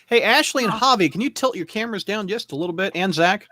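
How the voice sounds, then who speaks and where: A man's voice: high voice, lively intonation, fast, bright, forceful tone, no room sound, studio quality. A man hosting a casual group video call, reading viewer comments aloud and joking. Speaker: host.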